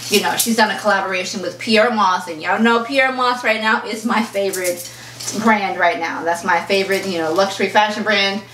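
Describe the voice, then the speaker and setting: A chatty woman fashion vlogger talks through an unboxing at home, lively and storytelling. She sits a little back from the mic in a roomy space, with faint clatter of dishes behind her. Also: medium pitch, brisk, far from the mic, slight background noise. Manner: chatty, animated storyteller who acts out quoted exchanges. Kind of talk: casual unboxing chat.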